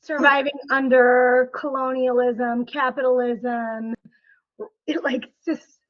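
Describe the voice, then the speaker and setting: A woman's voice: high voice, flat delivery, slow. A woman hosting a podcast interview, speaking emphatically and bluntly. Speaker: podcast host, psychologist. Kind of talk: interview conversation. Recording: muffled lo-fi audio.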